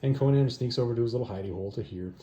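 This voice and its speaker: A man's voice: mid-range voice, racing, dark tone, dull audio. A man hosting a comic review channel, recapping a story in a casual, rambling way with offhand asides. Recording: echoey room with faint noise.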